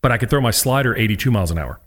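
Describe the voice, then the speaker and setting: A former college pitcher, appearing as a guest, speaks at a racing pace in a medium-pitched voice. He tells stories in a casual interview, animatedly acting out the people he quotes.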